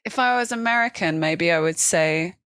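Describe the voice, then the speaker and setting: Chatty lower-voiced woman, dry sound. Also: normal speed, a bit bright, dry recording. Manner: chatty and self-mocking, laughs often. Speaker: guest improviser. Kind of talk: casual podcast interview.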